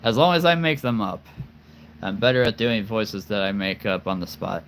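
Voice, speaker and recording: A man's voice: lowish voice, normal speed, a bit bright, slight background noise. A man chatting casually to camera about the voices he can do, playful, rambling and self-deprecating. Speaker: voice performer showing off voices.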